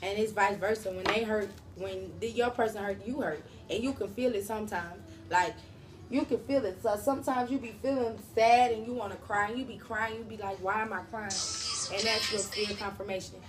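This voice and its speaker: A woman's voice: mid-range voice, fairly even intonation, moderate pace. A woman doing a casual tarot reading, talking straight to her viewers in a slangy, profane way. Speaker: tarot reader.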